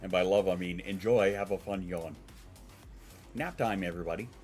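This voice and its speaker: A man's voice: low-pitched, moderate pace, a little mellow, soft background music. A congested man streaming from home, chatting casually with his viewers and swearing now and then. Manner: rambling, swears, answers chat.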